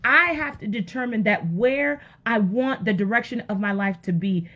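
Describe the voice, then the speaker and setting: A woman's voice: a little high, animated, normal speed, highs cut off. A woman giving an emphatic, conversational faith talk to women, repeating words for emphasis and speaking straight to her listeners. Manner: emphatic, repetitive, addresses audience directly.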